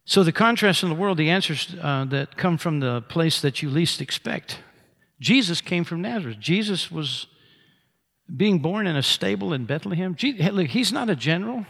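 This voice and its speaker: A man's voice: sits high, expressive, moderate pace, creaky, fairly bright tone. A pastor preaching a sermon, acting out the scripture dialogue with big swings in his voice.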